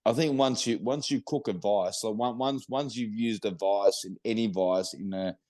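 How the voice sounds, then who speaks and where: A man's voice: fairly low pitch, normal speed, mellow, no room sound. A middle-aged Australian man talking casually about recovery, rambling with lots of swearing and fillers. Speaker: guest in recovery. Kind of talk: casual podcast conversation.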